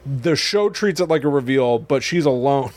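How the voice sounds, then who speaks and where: A man's voice: mid-range voice, lively intonation, normal speed, darkish tone. A man co-hosting a podcast, reacting with wry disbelief in casual chat. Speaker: podcast co-host.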